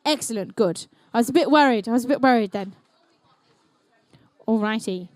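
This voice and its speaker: A woman's voice: a little high, moderate pace, darkish tone, no echo. A young woman emceeing a robotics competition, giving live match commentary with playful, jokey asides. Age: young adult. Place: indoor robotics competition venue.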